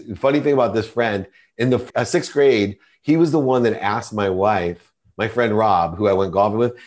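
A middle-aged man, a podcast guest, telling a personal story in an earnest, confessional way. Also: on the low side.

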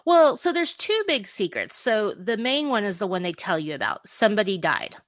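A woman's voice: medium pitch, lively intonation, normal speed, dry recording. A woman hosts a casual podcast chat, giggly and talkative. She hedges her sentences with easy fillers. The sound is close and dry. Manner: chatty, hedging with "you know", giggly. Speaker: podcast host.

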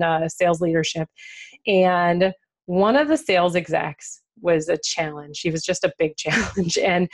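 A woman author and entrepreneur talking candidly in an interview, laughing often and using lots of fillers. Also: fairly low pitch. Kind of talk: conversational interview.

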